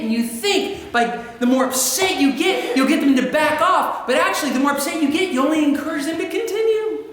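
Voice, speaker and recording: A man giving an animated talk to schoolchildren in a large school chapel, often laughing and acting out voices. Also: extremely high pitch, a little fast, hardly any pauses. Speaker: motivational speaker to schoolchildren. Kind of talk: energetic school assembly talk. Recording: echoey hall, noisy room.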